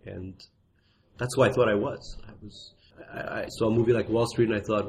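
A middle-aged man from Russia with a Russian accent, an author talking quickly and self-mockingly in an interview at his apartment, with lots of restarts. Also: lowish voice, fairly even intonation, slight background noise. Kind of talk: conversational interview.

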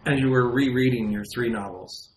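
A man interviewing an author, asking measured, conversational questions in an apartment. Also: mid-range voice, echoey room, a little hiss or hum, low-quality recording.

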